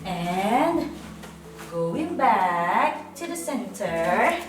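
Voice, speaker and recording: A woman's voice: mid-range voice, sing-song, extremely slow. A woman giving a playful, giggly home tour, switching between English and Tagalog. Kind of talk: casual chat mixing English and Tagalog. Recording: echoey room, mic far off, loud music.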